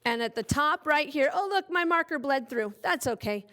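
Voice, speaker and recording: A woman's voice: high-pitched, animated, normal speed, pushed and bright. A woman teaching young children a phonics lesson, cheerfully spelling out letters one by one. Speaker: kindergarten teacher.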